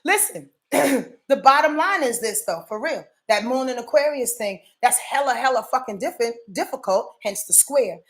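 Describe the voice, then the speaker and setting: A woman astrologer from Yonkers gives a casual, profane weekly forecast and keeps asking viewers if they are following. Her voice sits fairly high and swings through a very animated range. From Yonkers, New York.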